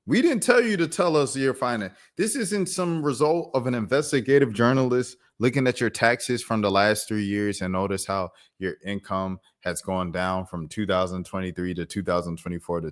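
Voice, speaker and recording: A man hosting a casual live commentary stream, talking in an animated, mocking way. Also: on the low side, moderate pace. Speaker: commentary channel host.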